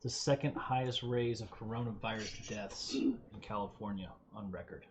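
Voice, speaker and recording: A man's voice: lowish voice, normal speed. A middle-aged man hosting a live trading stream in casual chat, talking offhandedly with plenty of swearing and mumbling asides. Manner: profane, offhand, mumbles under his breath. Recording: slightly dull audio with faint hiss.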